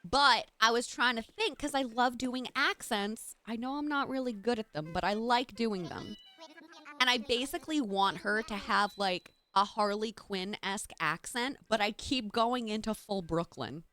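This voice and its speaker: A woman's voice: fairly high pitch, moderate pace, bright, forceful tone. A young adult woman streaming live, chatting casually and gushing thanks to her chat in a bubbly way.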